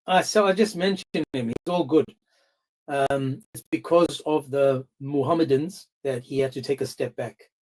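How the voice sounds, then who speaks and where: A man hosting a debate livestream, talking in a brisk, informal way and cutting in to steer the chat. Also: medium pitch, a little mellow, low-quality recording. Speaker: livestream host. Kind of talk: casual debate-stream hosting.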